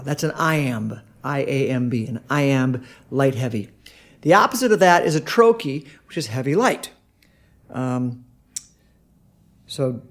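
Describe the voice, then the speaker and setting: A man giving a casual video lesson on songwriting, halting with many fillers and sounding out rhythms as syllables. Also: medium pitch. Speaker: songwriting teacher.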